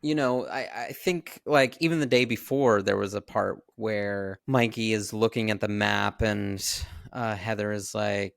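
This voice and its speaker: A man with a gravelly, creaky voice adds his thoughts to a relaxed podcast conversation about a film. The recording is dry and close. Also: fairly low pitch, a little slow, few pauses, no room sound. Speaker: podcast co-host. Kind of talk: casual movie discussion.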